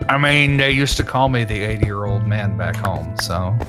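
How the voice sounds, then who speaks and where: Lively bantering young man co-host. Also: on the low side, moderate pace. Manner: bantering, playful teasing. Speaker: podcast co-host. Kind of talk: casual gaming chat. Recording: music playing underneath.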